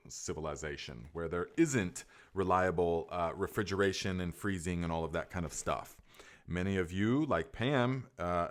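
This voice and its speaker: A middle-aged man chats through a live gardening Q&A with a slightly low voice. He rambles with easy enthusiasm and trips over his own restarts and fillers. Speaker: gardening podcast host. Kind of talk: casual live Q&A chat.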